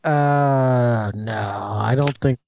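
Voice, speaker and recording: A man hosting a casual gaming podcast, talking in halting bursts with frequent restarts. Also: mid-range voice, creaky, over a noisy crowd. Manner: halting, restarts often, laughs easily. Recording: dull lo-fi podcast audio.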